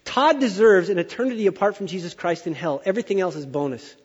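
A middle-aged male pastor preaching a sermon in a church, an animated storyteller who exaggerates for effect. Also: high-pitched, fast, husky. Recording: dull sound with long hall reverb.

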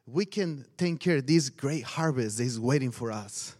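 Man, mexican spanish accent, high voice, energetic sermon, broken english, laughs a lot. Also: normal speed, few pauses. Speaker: pastor.

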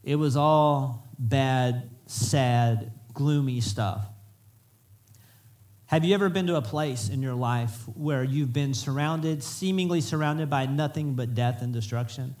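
A man preaching a conversational, animated sermon in a church, often restarting his sentences. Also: medium pitch, slow pace. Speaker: pastor. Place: church sanctuary.

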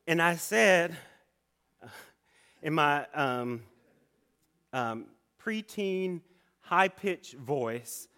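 High, bright-voiced man telling a story. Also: slow, long pauses. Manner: animated storyteller with many restarts and asides.

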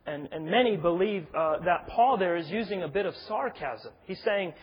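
A man's voice: high-pitched, animated, moderate pace, few pauses, slightly rough, lo-fi sound. A man preaching an expository sermon, earnest and building to emphatic stress. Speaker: pastor.

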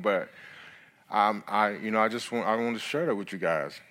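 A middle-aged man, a guest speaker, telling his story in a sermon in an earnest, halting way with many restarts. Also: lowish voice, fairly bright tone. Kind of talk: sermon testimony.

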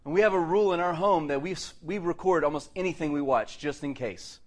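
Middle-aged male pastor, sermon delivery, animated and playful, slightly higher voice. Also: brisk. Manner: lively, joking asides and laughs between points.

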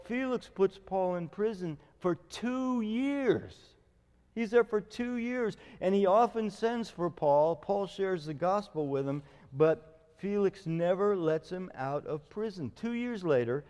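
A middle-aged man preaching a sermon as a pastor, telling stories with lively acted-out quotes. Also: high voice, a little slow, long reverb tail. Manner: storytelling, animated retelling with acted quotes.

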